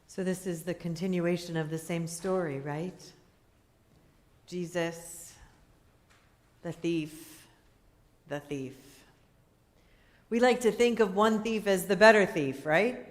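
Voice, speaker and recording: A woman pastor preaches in an unhurried, chatty way, often checking in with her listeners. Her voice sits at an ordinary mid pitch, and she is speaking in a church sanctuary. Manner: conversational, asks the listeners questions, light laughter. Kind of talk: sermon.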